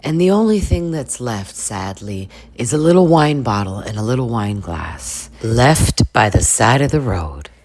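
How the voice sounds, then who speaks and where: A low-voiced woman riffs sarcastically on reality TV as she narrates. Her commentary is casual, crude and full of profanity. She speaks as the host of a comedy reaction channel. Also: big pitch swings, unhurried, few pauses, darkish tone.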